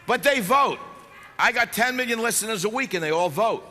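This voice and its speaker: A talk radio host giving an impassioned, sarcastic political speech to a live audience, shouting at times. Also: male voice, high-pitched, expressive, fairly quick. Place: large hall before a live audience. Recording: echoey hall with faint background noise.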